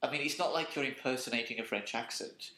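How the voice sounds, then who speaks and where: A man's voice: medium pitch, fast talker, pushed and bright. Man chatting in an echoey room. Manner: laughs often, swears, jokey. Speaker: podcast co-host. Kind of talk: casual chat. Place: apartment.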